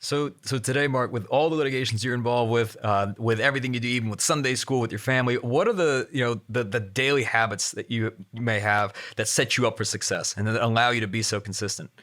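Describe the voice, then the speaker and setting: A man's voice: medium pitch, fast talker, hardly any pauses, a bit bright. A man hosting a podcast, asking a guest a question and rephrasing as he goes. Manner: hesitant, rephrasing mid-question. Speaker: podcast host. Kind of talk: interview question.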